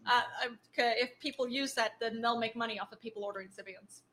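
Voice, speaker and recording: A woman's voice: a little high, fast, a bit bright. A woman co-hosting a casual podcast, rambling and laughing often as she reads out listener comments. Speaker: podcast co-host.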